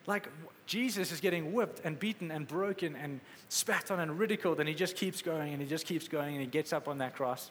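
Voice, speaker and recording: In an echoey hall carrying faint ambience and slight background noise, a man gives an emphatic, conversational sermon and acts out quotes. His pitch is fairly high, his tone fairly bright, and he moves at a moderate pace.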